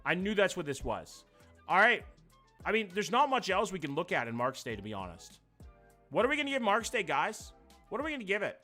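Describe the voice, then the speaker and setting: A young man, doing live-stream commentary, reacting to chat in a jokey, profane, animated way. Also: high voice, brisk, faint music behind.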